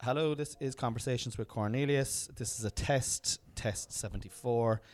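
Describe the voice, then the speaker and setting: A man's voice: medium pitch, moderate pace, darkish tone. Middle-aged man hosting a rambling podcast. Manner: rambling, self-mocking, many fillers. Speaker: podcast host and stand-up comedian. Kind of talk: casual podcast chat and mic tests. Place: room at home.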